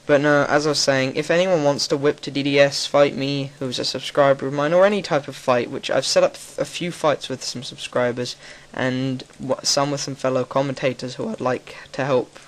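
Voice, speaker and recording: A man's voice: medium pitch, steady tone, normal speed, hardly any pauses. A young man with an English accent, talking frankly and rambling as a gaming commentator. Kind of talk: casual gaming commentary monologue.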